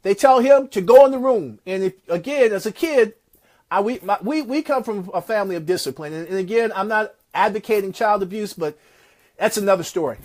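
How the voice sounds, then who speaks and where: A man giving a motivational talk, retelling a success story in an animated, preacher-like way. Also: high-pitched, fairly quick. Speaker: motivational speaker.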